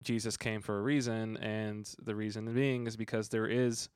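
A man's voice: lowish voice, little pitch movement, normal speed, smooth, dry recording, studio quality. A man co-hosting a casual podcast, reading a Bible passage aloud and reflecting on it earnestly, with frequent fillers. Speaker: podcast co-host.

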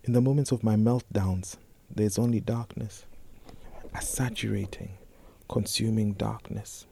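A young man telling a personal story in a slow, intense spoken-word reading, often sinking to a whisper. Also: lowish voice, fairly even intonation, vocal fry, warm tone, husky. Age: young adult.

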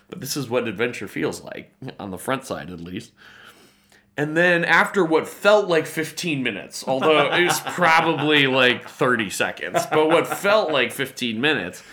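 Appearing as an interview guest, a pastor tells a story in an animated way, acting out the voices of the people in it and laughing often. His voice sits at medium pitch.

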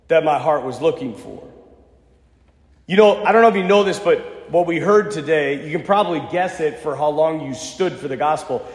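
Youngish priest telling his story in a sermon, slightly high voice, big churchy reverb. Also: darkish tone. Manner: conversational storytelling with self-deprecating humor. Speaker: pastor. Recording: echoey church with long reverb.

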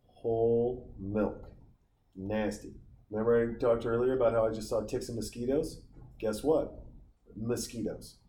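A man's voice: medium pitch, darkish tone, a little hiss or hum. A man in his forties from Montana, telling stories in a casual, profane, wandering monologue outdoors. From Montana, USA. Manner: profane, tangent-prone storyteller. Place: outdoors on a summer vacation. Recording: roomy sound with faint ambience.

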